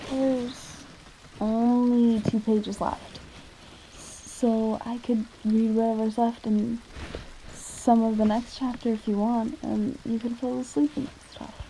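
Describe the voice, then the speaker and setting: A woman's voice: a little high, little pitch movement, slow, dark tone, slight background noise, low-quality recording. A woman in whispered role-play as a shy, stammering catgirl reading a book aloud to a listener. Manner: stammering, timid. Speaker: ASMR roleplayer.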